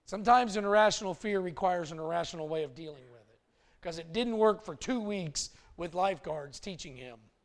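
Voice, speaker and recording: Brief: male pastor, fairly high voice, storytelling sermon, shifts between hushed and loud. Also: a little fast. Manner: animated, swings from hushed to loud.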